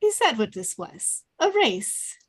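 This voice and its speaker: Woman doing a feisty young lady, tart, high voice, dry sound. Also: big pitch swings, takes it slowly, slightly rough, no room sound, exaggerated voice. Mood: prickly. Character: spirited young woman, proud and sharp-tongued. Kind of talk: online table read.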